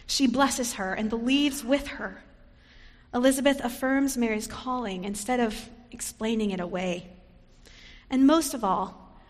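A woman pastor delivers a Sunday sermon in a measured, reflective storytelling way. Her voice sits somewhat high. The recording carries the long, lingering reverb of a large church sanctuary.

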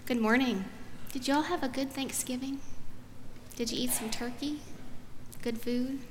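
A woman's voice: high-pitched, fairly even intonation, a little slow. A woman pastor giving a children's sermon in a church sanctuary. She keeps asking the children friendly questions. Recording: reverberant sanctuary, faint room noise.

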